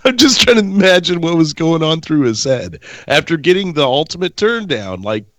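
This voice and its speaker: Man with a lively, bouncy voice. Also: on the high side, dry recording. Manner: chiming in with quick reactions. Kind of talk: casual chat.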